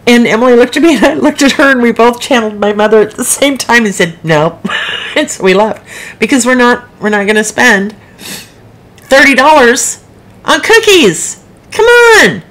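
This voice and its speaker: A woman's voice: on the high side, fairly quick. A middle-aged woman author hosting a live broadcast, chatting frankly and rambling into asides with her viewers. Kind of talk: casual livestream chat.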